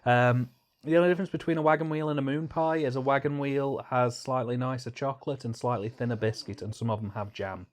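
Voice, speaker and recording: A man's voice: mid-range voice, fairly quick. A young man hosting a casual film commentary, joking and giggling with his guest. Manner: jokey, giggly banter.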